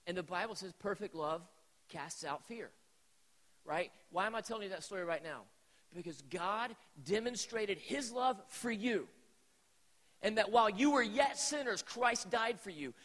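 A man in his forties telling a personal story as a sermon to a live youth audience, animated and talking straight to the crowd. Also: sits high, normal speed. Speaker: preacher at a youth event. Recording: echoey hall.

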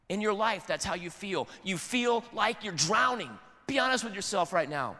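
Casting: casual young preacher, high bright voice, long reverb. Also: male voice, animated, moderate pace, hardly any pauses. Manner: casual, conversational, earnest. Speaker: pastor. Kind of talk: sermon.

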